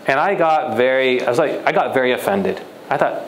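A man's voice: mid-range voice, expressive, a little fast, few pauses, roomy sound, a little hiss or hum, low-quality recording. A young man, a guest speaker at a church retreat, telling a personal story in a conversational way and acting out the dialogue. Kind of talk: sermon storytelling.

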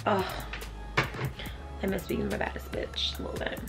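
A young woman vlogging in a loose, chatty way, swearing freely and thinking out loud. Her voice has a gravelly, fried edge at a middle pitch. Faint music plays softly behind her. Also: huge pitch swings, measured pace. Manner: profane, chatty, thinking aloud. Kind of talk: casual vlog chat.

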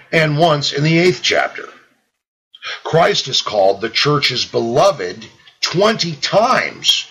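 A man reading an old devotional text aloud, raising his voice for the quoted sayings and dropping low for his asides. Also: gravelly, pushed and bright, husky, low-quality recording. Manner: reads quotes in a raised, fervent tone and asides low and quick. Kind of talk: slow devotional reading with spoken notes.

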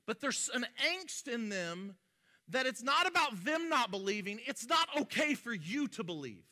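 High, bright-voiced male pastor preaching. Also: very animated, moderate pace. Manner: conversational, joking asides, self-interrupting restarts. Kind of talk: sermon.

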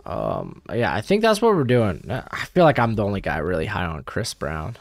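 Animated young man rambling through picks. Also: fairly low pitch, moderate pace, gravelly, no room sound, faint music behind. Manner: rambling, self-correcting, animated. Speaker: YouTube mock draft host. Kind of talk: casual live commentary.

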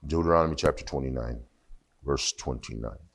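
A deep-voiced man preaching a sermon, talking to the congregation as if chatting. He drifts between low, loose asides and emphatic bursts of preaching. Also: normal speed. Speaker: pastor.

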